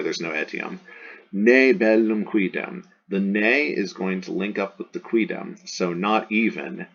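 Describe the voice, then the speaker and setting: Male Latin teacher, deep and gravelly, casual explaining lecture style with fillers, muffled lo-fi recording. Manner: explanatory and conversational, many fillers and restarts. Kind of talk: line-by-line classroom translation lecture. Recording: dull lo-fi audio.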